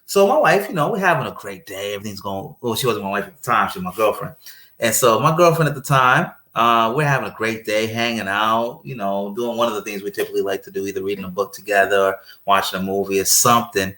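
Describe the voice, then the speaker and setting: A man's voice: on the low side, fast talker, sharp tone. A man being interviewed on a podcast as a paramedic guest, telling a story animatedly, repeating phrases for emphasis and speaking in a faith-centered way. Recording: roomy echo.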